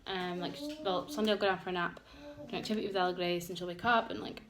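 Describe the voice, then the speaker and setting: A woman's voice: on the low side, fairly even intonation, fast talker, crowd noise. A young woman vlogging a candid get-ready-with-me chat, open and emotional, rambling with many fillers. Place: home room with children around. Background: noisy household.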